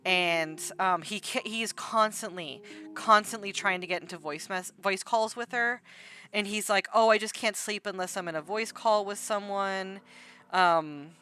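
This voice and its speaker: A woman's voice: mid-range voice, measured pace, bright, forceful tone, soft background music. A woman hosting an art livestream, casually retelling online drama in a rambling way full of "like" and "um". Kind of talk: casual gossip storytelling.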